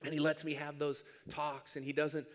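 A man's voice: on the high side, completely flat delivery, normal speed. A man in his thirties preaching a sermon, telling a funny story and acting out his own whiny prayers. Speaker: pastor.

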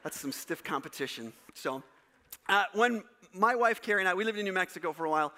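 A man from Wisconsin, a pastor preaching a casual sermon to a live congregation, joking and telling stories in an animated way. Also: high-pitched, fairly quick. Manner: jokey, animated, teasing the congregation. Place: church service before a live congregation.

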